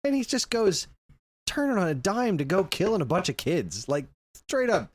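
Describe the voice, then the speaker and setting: Male co-host, casual, animated rant; very expressive pitch, dead-dry room. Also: normal speed, no room sound. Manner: animated ranting, acts out quotes. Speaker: podcast co-host. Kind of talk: casual chat.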